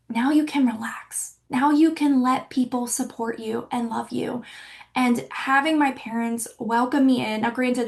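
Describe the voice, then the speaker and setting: A woman in her early thirties talks openly and casually, full of little fillers as she hosts her own podcast. Her voice sits a bit high, with a gravelly fry at the ends of phrases. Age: 30s. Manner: candid and chatty, many likes and you-knows. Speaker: podcast host. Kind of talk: personal reflective monologue.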